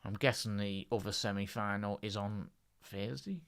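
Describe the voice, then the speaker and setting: A man's voice: fairly low pitch, moderate pace, smooth. A man with a Scouse accent giving casual live match commentary on a stream, chatting to his viewers and calling them lad and chat. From Liverpool, England.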